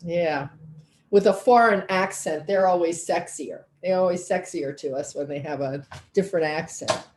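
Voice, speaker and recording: A woman's voice: fairly low pitch, normal speed, noisy background. A woman teaching a cooking class over a video call, chatty and folksy, thinking aloud as she works. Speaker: cooking instructor.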